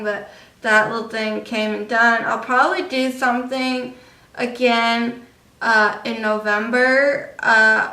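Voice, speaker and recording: A young woman talks slowly and rambles through a casual vlog, her voice bright and slightly high. She confides in her viewers and leans on plenty of fillers. The sound is roomy and echoey, with the mic set back from her. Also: gravelly. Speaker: vlogger. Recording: echoey room, distant mic.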